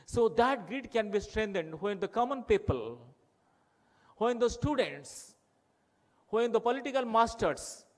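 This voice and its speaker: Addressing a conference hall, this conference speaker from Odisha, India, talks in Odia-accented Indian English with a high-pitched voice. His impassioned appeals rely on rhetorical questions and on circling back to repeated phrases for emphasis.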